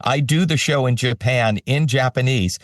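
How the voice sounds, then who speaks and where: A man putting on the voice of a bewildered, excited celebrity chef, with rising incredulous exclamations. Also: mid-range voice, moderate pace, dry recording, clean studio sound, distant mic, pitched above the performer's own voice, lightly acted. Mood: puzzled.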